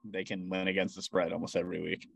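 A man's voice: sits low, completely flat delivery, fast talker, gravelly, no echo. A man co-hosting a casual sports podcast, laid-back and making dry quips. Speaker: podcast co-host.

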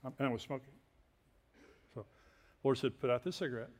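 An older man from Texas, a preacher telling personal stories in a sermon with folksy, self-deprecating humor and quiet asides. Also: mid-range voice, moderate pace. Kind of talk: sermon storytelling. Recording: long hall reverb.

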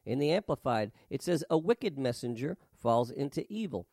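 A man's voice: mid-range voice, very animated, normal speed, mellow, no echo. Emphatic male preacher, dry close sound. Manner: emphatic, rhythmic delivery with rising stresses. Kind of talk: sermon with scripture reading.

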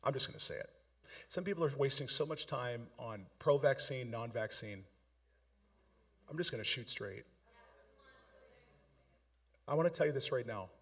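A man's voice: mid-range voice, normal speed, long pauses, husky. A man preaching a sermon with impassioned, emphatic delivery.

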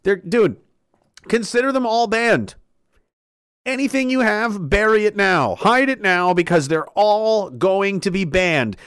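Man, angry profane rant, sarcastic, lively pitch, shouted outbursts, dry sound. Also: measured pace, smooth, no echo.

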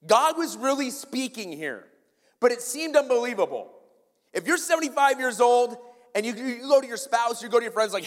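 A man preaching a sermon as pastor, swinging between loud emphasis and quiet asides. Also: very high-pitched, big pitch swings, fairly quick, long reverb tail.

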